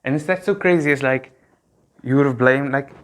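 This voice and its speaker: A young man from South Africa speaks straight to camera in a relaxed, conversational way, as if explaining the story to friends. His voice sits at an ordinary middle pitch, and the talk is loose and full of casual fillers. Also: brisk. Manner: laid-back and chatty, full of slang and fillers. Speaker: youth group speaker.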